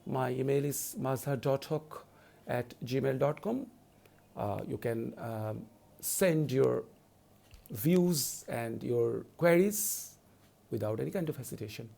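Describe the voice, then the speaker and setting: Gravelly-voiced male lecturer, deliberate. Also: mid-range voice. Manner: slow deliberate explaining, loud stressed verse recitation. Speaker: university English lecturer. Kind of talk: recorded online lecture.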